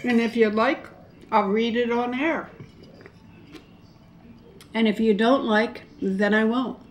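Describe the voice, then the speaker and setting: A woman's voice: a little high, fairly even intonation, takes it slowly, slight background noise. A middle-aged woman chatting casually to camera during a mukbang, rambling and folksy. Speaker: mukbang vlogger. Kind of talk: casual chat to camera while eating.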